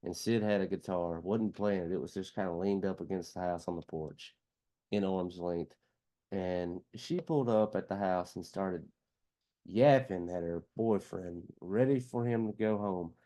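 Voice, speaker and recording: A man's voice: low voice, moderate pace, mellow. A man co-hosting a casual porch chat, telling funny stories and laughing through them. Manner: joking storyteller, laughs through his stories. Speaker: podcast co-host.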